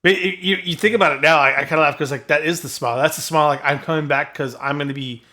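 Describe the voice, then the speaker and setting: A man's voice: on the high side, fairly even intonation, fast talker, pushed and bright. Earnest, chatty man on a podcast. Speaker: podcast co-host. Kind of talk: casual chat.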